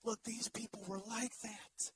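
A male pastor in his thirties preaching a sermon in an animated, humorous way, swinging from loud to hushed. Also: high voice, measured pace, noisy background.

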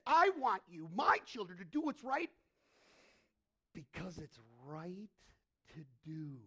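A man preaching a sermon as pastor, swinging from hushed asides to loud, animated passages and acting out quoted voices. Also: sits high, creaky, breathy edge.

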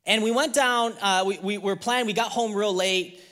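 Young male pastor, high and bright-toned, candid storyteller who builds to emphatic preaching. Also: steady tone, moderate pace, in a large hall. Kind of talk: sermon.

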